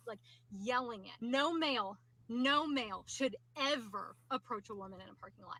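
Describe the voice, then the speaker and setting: A woman in a played clip tells her story with indignant insistence, repeating her point. Her voice is bright and sharp, pitched somewhat high. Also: moderate pace, rough recording. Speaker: woman in a viral video clip. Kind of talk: recounting an incident.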